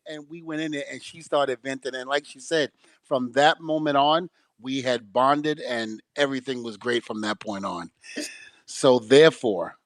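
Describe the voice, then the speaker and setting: A man's voice: mid-range voice, no room sound. A man co-hosting a casual chat, playful and teasing, often laughing. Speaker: co-host.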